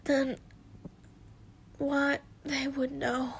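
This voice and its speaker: A woman's voice: high-pitched, flat delivery, slow pace, gravelly, darkish tone, full character voice. A woman voicing a dying older man in a weak, faltering whispered role-play. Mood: tender farewell.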